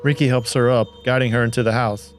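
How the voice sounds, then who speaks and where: A man narrating a horror story in a plain, steady reading voice. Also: mid-range voice, fast.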